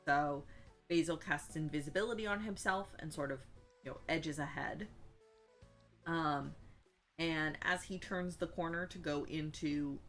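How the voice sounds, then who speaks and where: Low-voiced woman casually recapping a game. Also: fairly even intonation, a little slow, long pauses, a bit bright, faint music behind. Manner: rambling, many fillers and asides. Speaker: player recapping a tabletop game.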